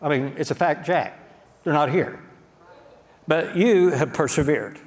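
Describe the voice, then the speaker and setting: A man's voice: a little high, a little slow. Folksy Oklahoman pastor preaching in a reverberant hall. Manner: folksy, direct, addressing the congregation. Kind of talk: sermon. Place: church sanctuary. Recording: long church-hall reverb.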